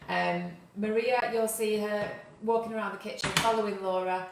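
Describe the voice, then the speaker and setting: A woman's voice: mid-range voice, fairly even intonation, moderate pace, noisy background. A woman co-hosting a live cooking stream from behind the camera, reading out comments and reminders. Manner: reads viewer comments, gives reminders. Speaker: co-host on camera duty. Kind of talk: casual live chat. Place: home kitchen. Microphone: far from camera mic. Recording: very echoey, distant kitchen sound.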